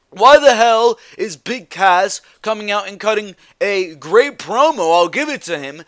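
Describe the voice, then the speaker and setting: Male reviewer, exasperated rant, clear resonant tone, higher register. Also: fairly bright tone, no room sound. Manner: exasperated, repetitive rhetorical questions. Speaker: wrestling show reviewer. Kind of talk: ranting solo review.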